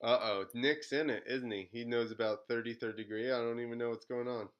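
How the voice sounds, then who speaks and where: A man's voice: medium pitch, fairly even intonation, a little fast, highs cut off. A man hosting a podcast in casual chat, joking, laughing often and telling stories. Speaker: podcast host.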